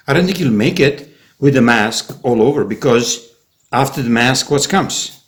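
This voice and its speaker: Man, vlog monologue, sarcastic rant, rambling, restarts, mid pitch. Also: animated, moderate pace. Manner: sarcastic, conspiratorial ranting with many restarts. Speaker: vlogger.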